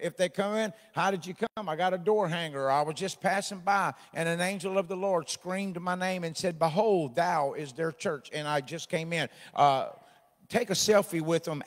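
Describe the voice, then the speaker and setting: A man preaching a midweek sermon, folksy and joking, swelling into loud exhortation. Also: fairly high pitch, long reverb tail. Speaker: pastor. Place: church sanctuary.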